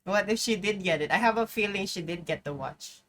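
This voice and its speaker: A woman's voice: mid-range voice, fairly quick, a bit bright, a little hiss or hum. A young adult woman streaming live, chatting casually over gameplay, rambling, swearing freely and breaking into sudden outbursts.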